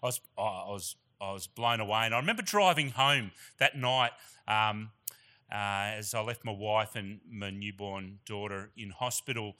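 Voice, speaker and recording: Aussie guy preaching at church, middle-aged, chatty and earnest, gets emotional, bright forceful voice. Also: fairly low pitch, moderate pace. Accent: Australian. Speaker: guest preacher. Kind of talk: sermon with personal storytelling.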